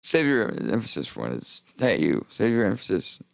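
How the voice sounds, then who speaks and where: A young streamer with a deep, gravelly, fry-heavy voice delivers a rambling, profane livestream monologue, repeatedly cutting himself off mid-sentence and circling back. His pitch swings hugely at a moderate pace, and the recording is close and dry with no room sound.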